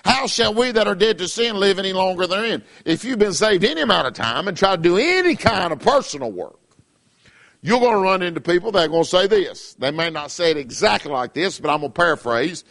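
Fiery high-voiced preacher man. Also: animated, a little fast, vocal fry, fairly bright tone. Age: middle-aged. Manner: emphatic, repetitive, rising and falling preacher cadence. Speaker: pastor. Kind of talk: fiery preaching broadcast sermon.

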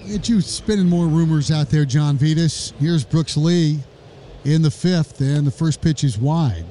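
A man calling a live baseball game play-by-play, brisk with wry joking asides and rising excitement on big plays. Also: fairly high pitch, soft background music. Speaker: play-by-play announcer.

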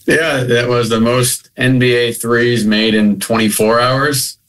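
A man's voice: medium pitch, steady tone, measured pace, a bit bright. A man from Maine, a basketball coach, answering plainly and modestly as a guest on a video call. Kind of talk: remote interview.

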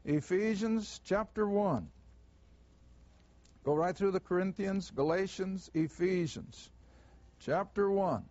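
A man leads a Bible class, working through verses at a slow, deliberate pace. His voice sits fairly high, and he stresses the words he wants the class to catch. The recording sounds dull and lo-fi. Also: mellow, dry recording. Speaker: Bible teacher.

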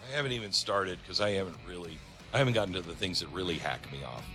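Animated, sarcastic man hosting talk radio. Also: low-pitched, fast talker, faint music behind. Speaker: radio talk show host. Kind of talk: opinionated talk radio monologue.

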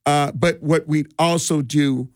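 Speaking in a fairly high voice with fairly even intonation, a middle-aged DJ from Milwaukee who puts on community parties shares stories at a measured pace. The interview is casual, with laughs and plenty of restarts, recorded at studio quality without echo.

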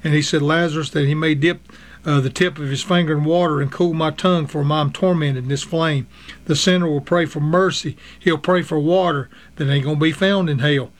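A man's voice: a little high, fairly even intonation. Earnest man preaching a fiery sermon. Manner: earnest, halting with frequent fillers, reads scripture in King James wording. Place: radio broadcast.

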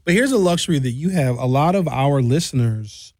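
Animated male radio host, dry studio sound. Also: medium pitch, a little fast, no echo. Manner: animated, opinionated, acts out quoted voices. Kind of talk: casual talk radio banter and commentary.

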